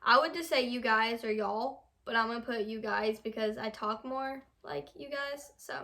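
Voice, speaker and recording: Young american woman, kinda high voice, reading quiz stuff casually, trips on words sometimes. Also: moderate pace, bright, forceful tone. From United States. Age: young adult. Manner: reads questions aloud, stumbles over words. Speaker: vlogger.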